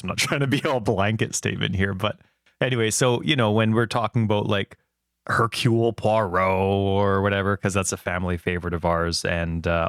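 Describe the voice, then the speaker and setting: A man in his thirties, co-hosting a casual chat and telling rambling, animated stories with lots of fillers. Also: on the low side, no room sound, clean studio sound. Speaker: podcast co-host.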